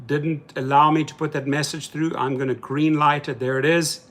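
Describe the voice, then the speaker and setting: A man's voice: fairly high pitch, little pitch movement, moderate pace, fairly bright tone. A man hosting a live stream in casual talk, reading viewer comments aloud and speaking in heated, colloquial terms. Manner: heated, mocking.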